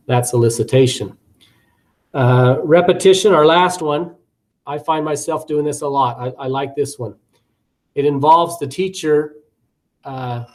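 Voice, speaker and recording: A man's voice: mid-range voice, darkish tone. A man giving recorded course commentary as a teacher educator, talking conversationally with frequent fillers, repeated words and acted classroom examples.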